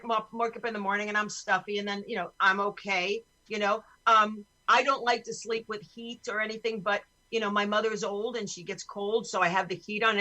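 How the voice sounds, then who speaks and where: A woman's voice: a little high, sharp tone, poor audio. A woman hosting a podcast over a video call, talking in a blunt, profane, ranting way. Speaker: podcast host. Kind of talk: casual chat on a video call.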